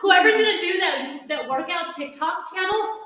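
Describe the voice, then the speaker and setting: Brief: high-voiced, bright woman hosting a live stream, out of breath, laughing, very echoey room. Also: animated, normal speed. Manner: bubbly, laughing, breathless from dancing. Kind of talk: casual live stream chat. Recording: very echoey room with some noise.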